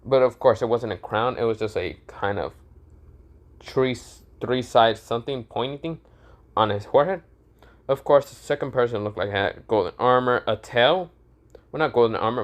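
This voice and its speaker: A young man narrating a fan story casually, with many fillers and self-corrections. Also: medium pitch.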